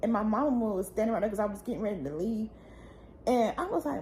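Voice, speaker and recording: A woman's voice: mid-range voice, lively intonation, fast, mellow, a little hiss or hum. Tearful young woman telling her story. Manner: tearful, raw and pleading, voice rising when upset. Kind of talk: emotional personal storytelling.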